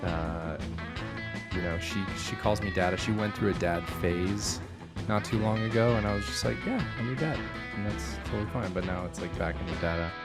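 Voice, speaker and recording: A man co-hosting a podcast, chatting in a relaxed, casual way and swearing freely. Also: low voice, a little fast, over loud music. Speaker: podcast co-host.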